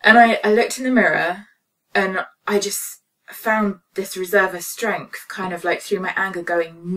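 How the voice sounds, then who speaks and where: A woman's voice: medium pitch, fairly even intonation, measured pace, fairly bright tone, recorded from a distance. Earnest woman vlogger, slightly off-mic. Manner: earnest, emotional, many fillers. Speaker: spiritual healing vlogger. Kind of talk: personal storytelling monologue. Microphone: phone camera.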